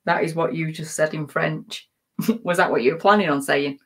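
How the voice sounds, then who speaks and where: A woman with a fairly low voice reads viewer comments aloud on a live stream. She giggles easily between the lines. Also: normal speed. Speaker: co-host reading viewer comments. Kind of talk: casual live-stream chat.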